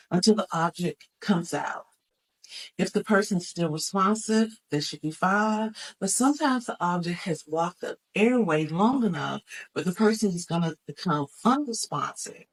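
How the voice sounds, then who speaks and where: On poor audio, a woman with a fairly low voice teaches CPR through a practical first aid demonstration. She gives instructions one step at a time and counts out the moves as she performs them.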